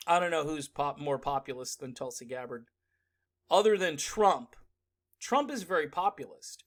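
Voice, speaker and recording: Male vlog commentator, higher voice, sarcastic and animated delivery. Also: moderate pace. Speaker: political commentator.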